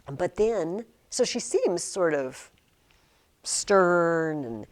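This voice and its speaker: Woman teacher leading class discussion, gravelly voice, lively up and down pitch. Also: slow. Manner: animated, asks questions, acts out quotes. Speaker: high school English teacher.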